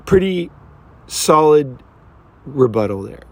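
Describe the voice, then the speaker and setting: A man in the middle of the male pitch range, speaking as a dating coach in loose, casual commentary. He wanders from point to point, swears without hesitation, and keeps checking in with "right?". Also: expressive, moderate pace, a little mellow. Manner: rambling, keeps asking "right?"; blunt, swears freely.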